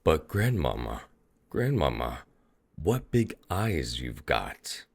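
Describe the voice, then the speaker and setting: A man voicing an innocent little girl, asking slow, drawn-out questions in a storybook reading. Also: rumbling low, big pitch swings, gravelly, breathy edge, heavily acted. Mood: wondering.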